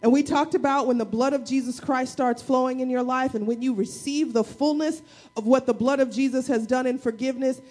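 A woman pastor preaching a sermon to her church, energetic, with call-and-response and playful asides. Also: high-pitched, a little fast. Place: church service.

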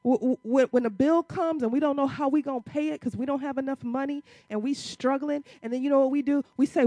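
High-pitched lady preaching hard, lots of questions, casual church talk, dry mic. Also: brisk, hardly any pauses, dry recording. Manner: impassioned, rising to loud emphatic peaks; uses casual church vernacular, rhetorical questions. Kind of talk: sermon.

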